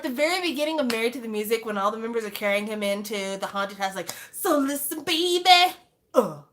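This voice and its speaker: A young woman talking casually to camera as a fan, animated and exclaiming, full of rhetorical questions. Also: a little high. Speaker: fan vlogger.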